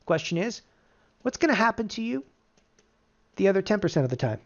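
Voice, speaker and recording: A middle-aged options trading instructor teaching a live webinar, energetic and firing rhetorical questions at the audience. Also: mid-range voice, brisk. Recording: dull lo-fi webinar audio.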